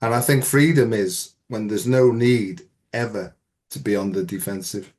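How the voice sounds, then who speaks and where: Male host, calm and reflective, fairly low voice. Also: normal speed. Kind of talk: casual conversation.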